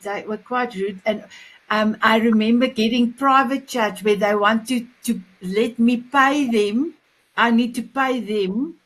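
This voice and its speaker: A woman's voice: fairly high pitch, poor audio. Effusive woman host. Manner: warm, effusive, non-native phrasing. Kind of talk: casual interview chat.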